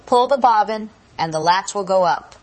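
Lady doing a big bad wolf, sly and gruff, sweet-talking in a storybook. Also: mid-range voice, expressive, moderate pace, a little mellow, lightly acted, rough recording. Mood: coaxing. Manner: gruff and wheedling.

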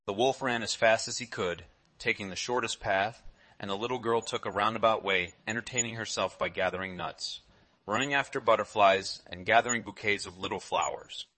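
A man reading a classic fairy tale aloud in a measured, expressive storytelling manner. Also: fairly low pitch.

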